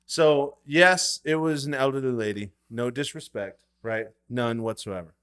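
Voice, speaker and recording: A man in his thirties swaps stories on a casual podcast, cursing freely and acting out what people said. His pitch sits in the middle for a man. He shifts between loud outbursts and quieter asides. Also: unhurried, clear, resonant tone. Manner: animated storyteller, swears a lot, acts out quotes. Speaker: podcast co-host. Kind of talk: casual chat.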